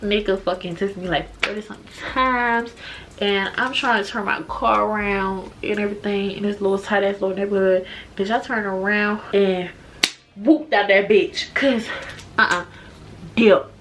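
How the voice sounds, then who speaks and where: A woman's voice: mid-range voice, normal speed, slight background noise. Young woman telling a profane storytime. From Washington DC area. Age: 20s. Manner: animated, profane, slangy storytelling. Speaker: vlogger. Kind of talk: casual storytime vlog. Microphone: compact camera mic.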